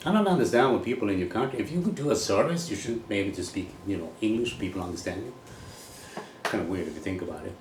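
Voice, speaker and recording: A man's voice: on the low side, lively intonation, fast, far from the mic. A man from Sweden with a Swedish accent, a golf coach talking bluntly and rambling in a casual monologue, swearing now and then. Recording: echoey room with faint ambient noise.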